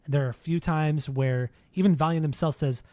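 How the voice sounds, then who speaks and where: A man co-hosting a casual music podcast, talking with keen enthusiasm and plenty of swearing. His voice sits somewhat high, with a mellow, warm tone, recorded close and dry. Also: fairly even intonation, fairly quick, dry recording. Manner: enthusiastic, swears often, repeats words when starting. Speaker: podcast co-host. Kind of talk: casual chat about music.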